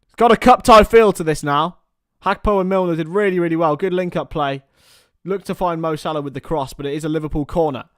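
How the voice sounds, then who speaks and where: A young man giving partisan live commentary on a football match for a fan watchalong, chatting casually between the action and getting loud at chances. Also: a little high, fairly quick, clean tone, no echo, studio quality. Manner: partisan, rises to excited shouts at chances.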